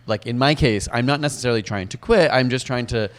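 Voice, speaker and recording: A man's voice: medium pitch, fast. A man co-hosting a podcast, talking casually and thoughtfully with many fillers. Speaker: podcast co-host. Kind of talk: casual chat.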